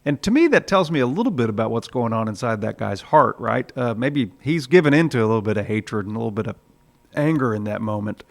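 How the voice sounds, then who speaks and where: A man's voice: medium pitch, lively intonation, quick pace, vocal fry. A man preaching a sermon in a conversational way, with frequent "uh"s, now and then acting out the voices in his story. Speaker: pastor.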